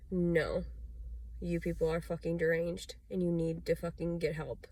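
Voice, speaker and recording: A woman's voice: lowish voice, darkish tone. A woman talking straight to camera in a confessional vlog, rambling and agitated, swearing often. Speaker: vlogger.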